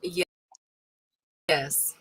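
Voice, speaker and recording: A woman with a bright, forward voice talks boxing in an unhurried, hesitant way, thinking aloud between her points. She takes her time, pausing often to search for names. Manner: slow and musing, many hesitations. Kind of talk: casual live stream banter.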